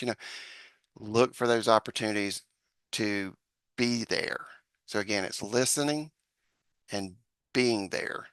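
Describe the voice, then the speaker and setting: Earnest low-voiced man giving advice. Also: a little slow, long pauses, a bit bright, clear, resonant tone, dry recording. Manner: earnest, hesitant, acts out example dialogue. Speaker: podcast guest, social psychologist. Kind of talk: conversational advice in an interview.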